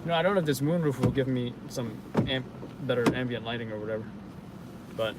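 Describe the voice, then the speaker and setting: A man's voice: medium pitch, fairly even intonation, fairly quick. A man hosting a casual live stream from inside a car, rambling with many fillers as he answers viewers. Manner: rambling, filler-heavy, self-correcting. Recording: car and street noise.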